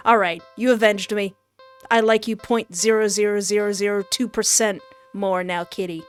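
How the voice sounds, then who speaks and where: A woman's voice: medium pitch, smooth, dry recording, faint music behind. A woman streaming a horror game, reading its text dramatically and bantering with the narrator. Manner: animated, banters with the game's narrator; dramatic, slowed delivery when reading narration. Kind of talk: let's play commentary, reading game text aloud.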